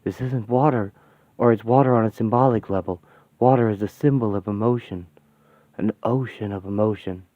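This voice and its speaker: A man's voice: on the low side, normal speed, no echo, natural voice. A man voicing an earnest, bookish young woman who patiently explains magical symbols in a fan radio-play comic. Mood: calm. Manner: explanatory, thoughtful. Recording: tinny, dry, phone-like sound.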